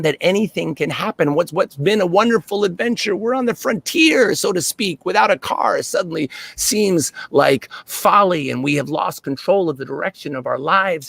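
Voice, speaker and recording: A man with a gravelly, husky voice tells a personal story on stage in an earnest, reflective way, dropping low and climbing high as he goes. The sound is dry and close, with almost no room around it. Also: dry recording. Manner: earnest, reflective storytelling with dramatic swings in pitch and loudness. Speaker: storyteller performer.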